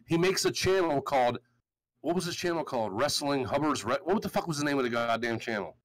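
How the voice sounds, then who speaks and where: A man's voice: medium pitch, lively intonation, fast, poor audio. A man hosting a podcast, ranting in a heated, profane, storytelling way. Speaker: show host. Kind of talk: casual podcast rant.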